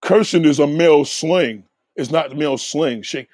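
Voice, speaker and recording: A man's voice: moderate pace, hardly any pauses, no room sound. A man hosting his channel, mocking viewers in a profane, heated rant. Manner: animated, swinging pitch. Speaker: channel host reacting to viewers. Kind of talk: heated live commentary.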